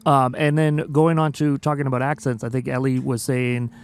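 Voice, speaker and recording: A man hosting a casual livestream interview, telling stories in an animated way and laughing often. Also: mid-range voice, normal speed, clear, resonant tone, soft background music. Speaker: interview host.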